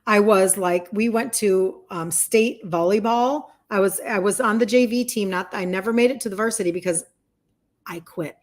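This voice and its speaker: A woman's voice: medium pitch, normal speed. A woman in her fifties, a health and wellness coach, chatting heartfelt and open on a livestream and reading viewer comments. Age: 50s.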